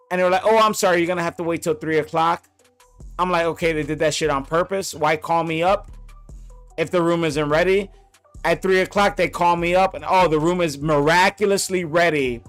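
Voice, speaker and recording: A man's voice: fairly high pitch, fairly even intonation, normal speed, faint music behind. A man telling an angry story about a bad trip, blunt and profane, repeating lines for emphasis. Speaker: vlogger.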